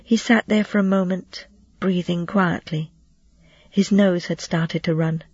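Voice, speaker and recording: Audiobook narrator, husky voice, steady storytelling, dry close sound, dull lo-fi recording. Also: mid-range voice, measured pace, no room sound. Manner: steady storytelling, lightly voicing characters. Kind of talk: scripted narration of a children's novel.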